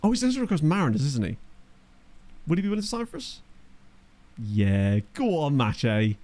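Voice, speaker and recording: In his live-stream commentary on a football management game, a young adult man talks casually, making wry remarks and responding to chat. His voice is fairly high and mellow, with huge pitch swings at a normal speed, recorded on a desk microphone.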